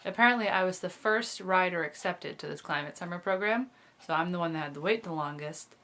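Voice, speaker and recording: A woman's voice: fairly low pitch, brisk, pushed and bright. A woman in her twenties chatting casually in a video diary, rambling with lots of fillers and little laughs. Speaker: vlogger.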